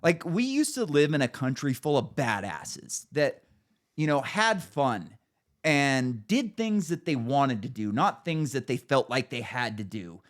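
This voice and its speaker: A man's voice: mid-range voice, big pitch swings, unhurried. A man hosting a podcast, ranting in casual chat with an emphatic, profane manner. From United States. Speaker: podcast host.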